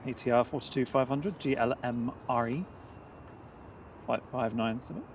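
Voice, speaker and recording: A man's voice: medium pitch, moderate pace, recorded from a distance, slight background noise. A man co-hosting a casual live plane spotting stream outdoors, chatting and reading out flight details. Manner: chatty, self-deprecating, reads flight details. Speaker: plane spotting livestream co-host. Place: outdoors at an airport, walking through mud.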